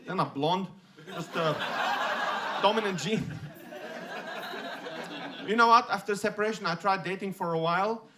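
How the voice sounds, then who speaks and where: High-voiced male stand-up comic. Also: normal speed, pauses often, noisy background. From Lebanon. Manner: punchy, self-deprecating. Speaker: stand-up comedian. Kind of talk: stand-up comedy set. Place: comedy club stage. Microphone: handheld stage microphone.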